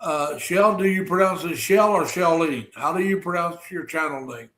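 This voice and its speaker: Male livestream host, slightly high voice, rambling casual chat, greets viewers by name. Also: moderate pace, a bit bright. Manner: many fillers and restarts.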